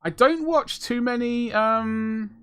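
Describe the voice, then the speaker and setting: A man's voice: very high voice, takes it slowly, fairly bright tone, smooth, dry recording, clean studio sound. Jokey rambling male streamer. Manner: rambling, jokey, self-mocking asides. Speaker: streamer painting miniatures. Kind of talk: casual live-stream chat.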